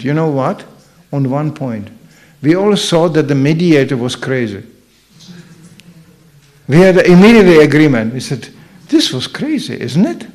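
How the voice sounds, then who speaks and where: A man's voice: a little high, a little mellow. A man with a Slovenian accent giving an informal spiritual talk, telling stories and acting out the voices of the people in them. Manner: storytelling, acts out quoted voices. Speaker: speaker at a temple program.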